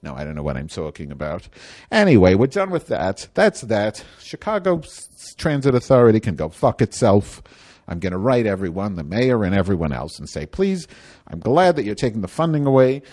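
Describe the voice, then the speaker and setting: Brief: man doing an indignant, rambling Chicago bus-riding lady, lively theatrical rant, comedy monologue. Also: lowish voice, normal speed. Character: cranky indignant woman from Chicago, bus rider.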